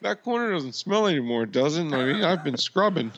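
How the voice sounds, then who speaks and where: A man's voice: a little high, big pitch swings, fairly quick, fairly bright tone. A man co-hosting a casual chat, rambling and correcting himself as he goes. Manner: rambling, self-correcting, apologetic. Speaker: podcast co-host.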